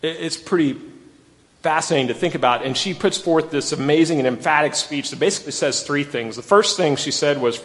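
A man preaching a sermon, animated and emphatic, repeating phrases for stress. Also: a little high, brisk, long reverb tail. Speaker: pastor.

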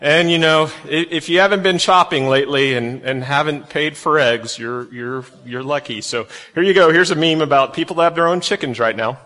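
A man's voice: a little high, normal speed, hardly any pauses, pushed and bright. A man, a pastor talking to his church in a chatty, folksy way with self-deprecating humor. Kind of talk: casual sermon opening. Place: church sanctuary. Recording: long reverb of a large hall.

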